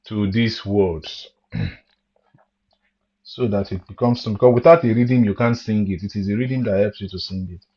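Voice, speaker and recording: A man with a medium-pitched voice teaches an online music theory lesson, explaining step by step and repeating key points. He reads lyrics aloud to show where the stress falls, and the audio is dull.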